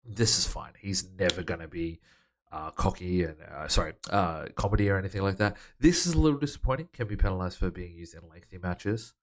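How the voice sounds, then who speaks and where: Low-voiced man calling game results. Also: a little fast. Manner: relaxed, matter-of-fact play-by-play. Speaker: host. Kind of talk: casual game commentary.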